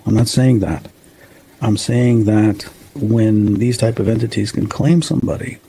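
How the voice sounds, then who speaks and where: A man in his fifties from the Chicago suburbs, a paranormal investigator telling a story in a rambling, halting way with restarts. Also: lowish voice, vocal fry, dark tone, a little hiss or hum, poor audio. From Chicago suburbs, USA. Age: 50s. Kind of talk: casual storytelling interview.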